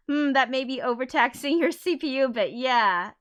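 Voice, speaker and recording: A woman's voice: high-pitched, lively intonation, moderate pace, a bit bright. Flustered woman apologizing on a livestream. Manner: flustered, apologetic, swears under her breath. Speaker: livestream host. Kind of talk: casual livestream chat.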